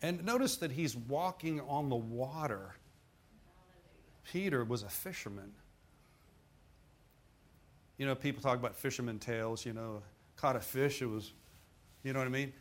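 A man preaching a sermon in a folksy, dramatic way, often laughing and breaking into sudden loud bursts. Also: medium pitch, lively intonation, moderate pace, long pauses. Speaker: pastor.

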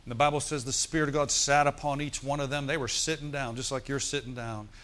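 A man's voice: mid-range voice, fairly even intonation, fast talker, a bit bright. A middle-aged male preacher, telling a story and calling out to the congregation in a sermon. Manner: storytelling, asks the congregation for responses.

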